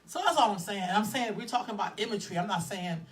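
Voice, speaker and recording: A woman in her fifties co-hosting a casual chat, blunt and animated, who swears freely and laughs often. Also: mid-range voice, fast, recorded from a distance. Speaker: co-host.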